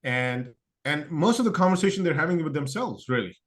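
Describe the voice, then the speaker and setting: A man's voice: on the high side, expressive, a little fast. A man speaking as a guest in an interview, thoughtful and conversational, often restarting sentences and acting out quoted excuses. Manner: thoughtful, lots of fillers and restarts; acts out other people's quoted excuses. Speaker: podcast guest.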